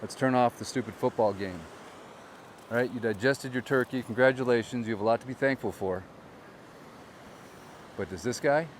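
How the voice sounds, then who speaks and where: A man's voice: medium pitch, moderate pace, long pauses, slight background noise. A man filming a handheld walk-and-talk vlog outdoors by the shore, speaking bluntly and with frustration straight to his viewers. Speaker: vlogger and real estate agent. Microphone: handheld camera on a gimbal.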